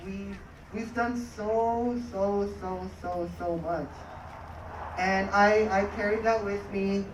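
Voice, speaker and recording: A speaker giving a halting, heartfelt tribute at a memorial, repeating words often. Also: mid-range voice, steady tone. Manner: hesitant, many repeated words. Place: outdoor skatepark crowd gathering. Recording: distant echoey mic with crowd noise.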